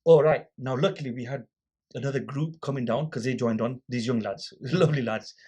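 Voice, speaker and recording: A man's voice: medium pitch, a little fast, breathy edge. A man guest on a podcast, casually telling a story and acting out the people in it. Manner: animated storyteller acting out quoted exchanges.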